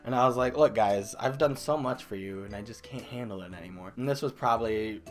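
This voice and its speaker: A young man vlogging a comedic storytime about his old job, animated, breaking into loud exaggerated outbursts and laughs. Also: lowish voice, fairly quick, faint music behind. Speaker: vlogger telling a work story. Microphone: desk microphone.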